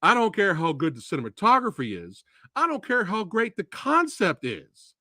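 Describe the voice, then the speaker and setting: A man's voice: high voice, normal speed, dry recording, studio quality. A man hosting a live stream, reviewing a film in a profane, exasperated rant. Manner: profane, animated, exasperated ranting. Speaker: movie reviewer host.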